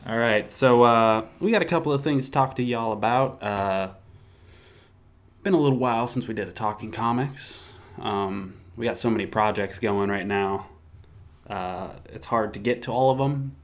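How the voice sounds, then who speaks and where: A man co-hosting a comics podcast in casual chat, relaxed and joking, stumbling through filler restarts. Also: fairly low pitch, normal speed. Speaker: podcast co-host.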